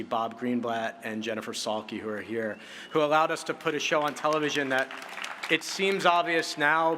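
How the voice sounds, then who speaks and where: A bright-voiced man in his late thirties speaks at a podium on an awards stage. He tells a heartfelt story, stumbling over fillers and restarting his sentences. A faint hiss of room noise sits behind him. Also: mid-range voice. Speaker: award recipient giving a speech. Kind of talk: acceptance speech.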